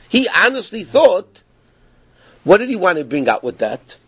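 A man teaching a Torah class, telling the story in a lively, animated way, with frequent restarts. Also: sits high, moderate pace, husky, no echo, dull audio.

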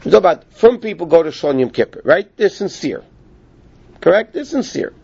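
A high-voiced, husky man explains Talmud with animated delivery and acts out the voices of the people he quotes. The recording is dull and lo-fi. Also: normal speed. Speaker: Torah teacher.

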